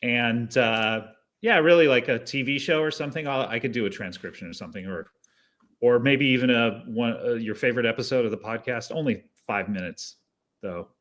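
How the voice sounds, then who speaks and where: A man's voice: mid-range voice, brisk, fairly bright tone. A man on a charity livestream, offering a signed book with dry self-deprecating humor. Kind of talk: casual livestream banter.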